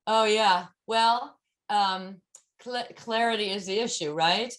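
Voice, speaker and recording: A woman voice coach chatting in a casual online talk, her voice sitting at a middling pitch. She speaks loosely, with plenty of fillers, and stops to demonstrate lines and exercises. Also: slow. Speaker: voice and text coach.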